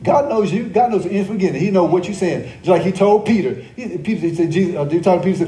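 A male pastor preaches at a church service in a conversational style, repeating key phrases, quizzing the congregation and tossing in joking asides. His voice is high, mellow and fast with hardly any pauses, and the audio is poor and reverberant.

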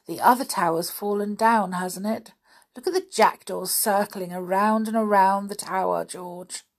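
Woman voicing an eager small young girl, husky, slow-paced. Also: mid-range voice.

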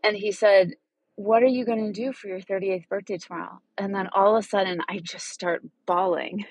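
A woman in her thirties telling a personal story in a vlog, halting and tearful, often restarting her sentences. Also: fairly low pitch, husky, no room sound. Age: 30s. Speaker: vlogger. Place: parked car.

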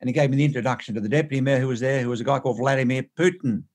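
Fast-talking man telling stories. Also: mid-range voice, a little mellow. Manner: emphatic, repeats words, restarts mid-phrase. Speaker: interview guest. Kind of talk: animated anecdotal storytelling.

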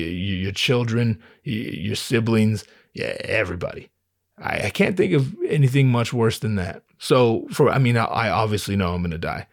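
Man in his 30s, mid pitch, casual profane monologue, stammers and restarts, dry close mic. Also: no echo.

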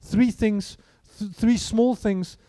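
A man's voice: high voice, fairly even intonation, slow, mellow, no room sound. A man preaching a sermon in a conversational way, full of rhetorical questions. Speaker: pastor.

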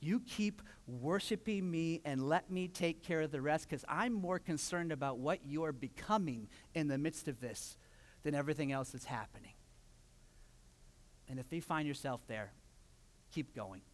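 A man preaching a sermon as pastor, telling stories and acting out quotes with lively energy. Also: fairly high pitch, normal speed. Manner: animated storytelling with acted-out quotes. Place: church sanctuary. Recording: long hall reverb.

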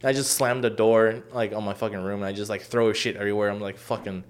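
A young man in casual chat, telling a long story with many fillers and profanity, acting out quoted lines loudly. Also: lowish voice, fairly even intonation, fast.

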